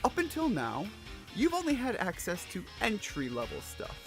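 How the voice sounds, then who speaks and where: A man's voice: wildly swooping pitch, moderate pace, music in the background, full character voice. A man reading out a cheerful professor on a call. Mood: encouraging. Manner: reading game dialogue aloud, a bit higher and softer. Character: cheerful male professor calling on the phone.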